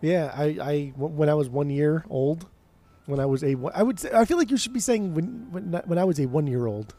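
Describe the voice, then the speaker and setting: A man's voice: a little high, expressive, fairly quick, dark tone. A man in his thirties, co-hosting a music podcast remotely, sarcastic and nitpicking in casual banter. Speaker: podcast co-host. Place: remote from co-host.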